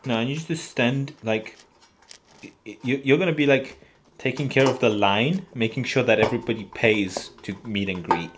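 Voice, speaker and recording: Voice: medium pitch, normal speed. A live-stream host chatting casually while assembling a kit, grumbling and bantering. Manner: exasperated muttering and joking banter. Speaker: livestream host building a 3D printer. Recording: noisy background.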